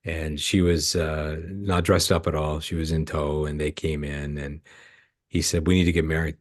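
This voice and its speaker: A middle-aged man from Canada, a ministry founder and podcast guest, telling stories in an earnest, emotional way and acting out the dialogue. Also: rumbling low. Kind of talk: storytelling in a podcast interview.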